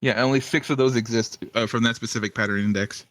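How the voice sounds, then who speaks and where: A man's voice: mid-range voice, fairly even intonation, fast talker, a bit bright, no room sound. A man hosting casual podcast banter, rambling with lots of "like" and swearing freely.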